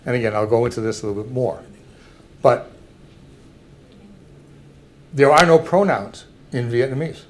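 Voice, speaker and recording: An older man giving a public talk, slowly and carefully explaining examples to an audience. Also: mid-range voice.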